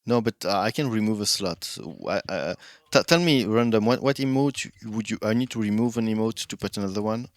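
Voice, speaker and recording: A male streamer with a lowish voice talks casually while he plays, rambling through false starts and thinking aloud. His voice is close to the mic and dry, with no room sound behind it. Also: fairly quick, few pauses, no room sound. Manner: rambling, many restarts, chats with viewers while thinking aloud.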